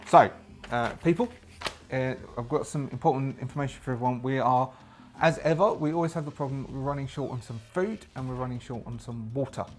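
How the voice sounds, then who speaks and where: A man voicing a blunt woman who leads a survivor haven in a zombie role-playing game, in his own everyday voice, bossy and brisk as she hands out orders. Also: mid-range voice, lightly acted.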